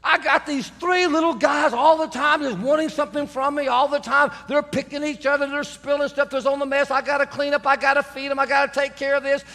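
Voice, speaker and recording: A man's voice: very high voice, little pitch movement, pushed and bright, voice pushed up, full character voice. A man voicing an exhausted young mother of three, listing her chores in exasperation. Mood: exasperated. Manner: exasperated, complaining rapid list. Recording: reverberant church hall.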